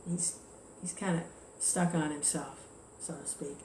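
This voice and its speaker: A woman teaching a devotional scripture class, telling a story in a relaxed, chatty way. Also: low voice, measured pace, noisy background. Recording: echoey room with faint ambience.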